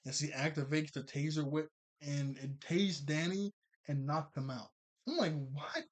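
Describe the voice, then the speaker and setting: Speaking in a steady tone with a higher-pitched voice, a man loosely summarizes a cartoon episode. He rambles chattily, using plenty of fillers and catching his own slips right away.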